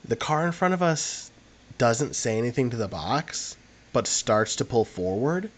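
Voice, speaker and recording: A man's voice: medium pitch, big pitch swings, a little slow. A young man, co-hosting a podcast and telling a long, rambling anecdote in casual chat, full of fillers. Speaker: podcast co-host.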